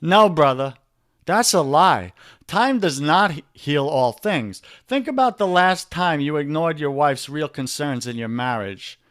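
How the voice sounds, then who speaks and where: A man with a New York accent talks in a fired-up, preachy coaching style, leaning hard on his points. His voice sits a touch higher than most men's. The sound is dry and close, with no room echo. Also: lively intonation, a little slow, a bit bright. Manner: emphatic, preachy, calls listener brother. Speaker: podcast guest, men's coach. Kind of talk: energetic motivational talk.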